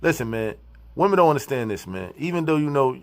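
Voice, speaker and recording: A man's voice: medium pitch, big pitch swings, fast talker. A man hosting a casual interview, asking probing questions in street slang. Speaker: interviewer host.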